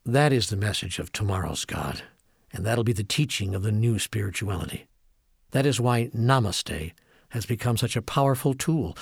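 A man giving an inspirational spiritual talk, earnest and measured, building up emphatic lists. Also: fairly low pitch, gravelly, breathy edge, no room sound, clean studio sound. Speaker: spiritual speaker.

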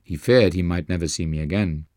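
Audiobook narrator, male, deep register, earnest measured delivery, dry booth sound. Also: a little mellow, dry recording.

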